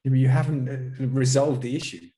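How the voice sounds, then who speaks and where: A man's voice: mid-range voice, fairly even intonation, a little fast, crowd noise. A man co-hosting a podcast, bantering casually and teasing his friend. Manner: teasing, laid-back banter. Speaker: podcast co-host. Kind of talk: casual chat.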